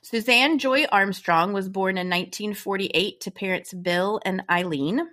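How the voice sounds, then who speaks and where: An American woman hosting a true-crime podcast in a relaxed, chatty way. Her voice sits in a middle register, and she keeps a friendly, upbeat storytelling flow. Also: mid-range voice, measured pace. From United States. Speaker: podcast co-host.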